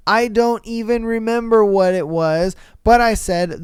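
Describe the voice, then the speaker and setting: A man with a fairly high, resonant voice hosts a casual podcast. He reads a listener's story and then weighs in bluntly and with lots of animation, swearing freely. The sound is dry and close. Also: a little slow, few pauses, clear, resonant tone, no room sound. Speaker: podcast host. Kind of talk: reading a listener story aloud and commenting.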